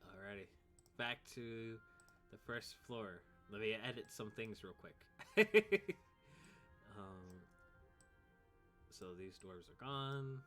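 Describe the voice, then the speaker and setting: A man narrating as game master, relaxed and thinking aloud with frequent ums. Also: lowish voice, slow, long pauses, soft background music.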